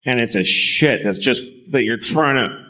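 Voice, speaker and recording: A man doing a stand-up comedy set, swearing freely, with deadpan asides and sudden high-pitched outbursts. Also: measured pace.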